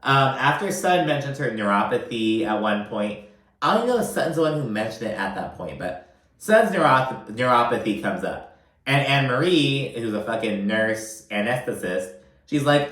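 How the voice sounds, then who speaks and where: A man's voice: medium pitch, animated, normal speed, a bit bright. Swearing man chatting in an echoey room. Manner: chatty, profane, full of "like" fillers. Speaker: reality TV recap commentator. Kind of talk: casual commentary recap. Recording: roomy, mic at a distance.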